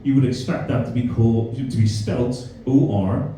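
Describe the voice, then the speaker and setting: A man's voice: medium pitch, fairly even intonation, normal speed, mellow. A man from Belfast with a Belfast accent, performing a stand-up comedy set with crude, mocking banter aimed at the crowd. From Northern Ireland. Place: comedy club stage before a live audience. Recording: very echoey room, voice from a distance.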